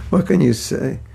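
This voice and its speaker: A man in his sixties giving a casual religious class, telling anecdotes with frequent chuckles. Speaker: spiritual teacher.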